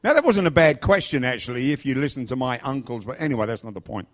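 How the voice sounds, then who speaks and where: A man's voice: medium pitch, expressive, fast. A middle-aged man from England preaching in a chatty, joking storytelling style. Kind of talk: storytelling sermon.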